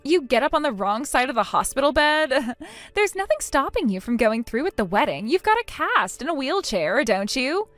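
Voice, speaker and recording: A woman's voice: high-pitched, very animated, normal speed, fairly bright tone, soft background music. A woman voicing a spiteful, mocking young woman in a text-message story, taunting and sarcastic.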